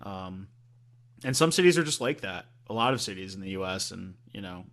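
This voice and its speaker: A man's voice: deep voice, lively intonation, brisk, a bit bright. A man co-hosting a podcast in casual chat, rambling with many fillers and swearing freely. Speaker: podcast co-host.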